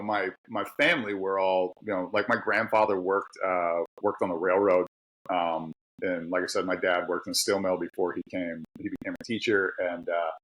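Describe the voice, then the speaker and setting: A man's voice: fairly low pitch, a bit bright, poor audio. A middle-aged man from Pittsburgh with a Pittsburgh accent, talking candidly and laughing often as a podcast guest. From Pittsburgh, USA. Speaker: guest author and tradesman. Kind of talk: casual podcast conversation.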